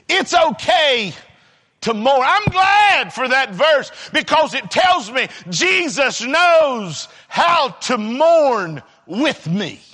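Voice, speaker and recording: A man preaching a sermon. He swings between shouting and hushed, near-whispered passages. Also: extremely high pitch, very animated, very slow, big-room sound.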